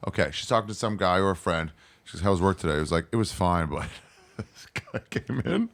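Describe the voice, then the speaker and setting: A man's voice: sits low, fairly quick, vocal fry. A man co-hosting a podcast, riffing on a friend's story with jokes and made-up dialogue. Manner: riffs with jokes and mock dialogue. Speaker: podcast co-host. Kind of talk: casual podcast banter.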